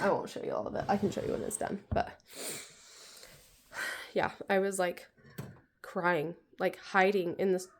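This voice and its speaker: Emotional woman with a gravelly creak. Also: mid-range voice, background noise. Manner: rambling, heavy use of "like", tearful. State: emotional, near tears. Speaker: vlogger. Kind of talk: casual personal vlog.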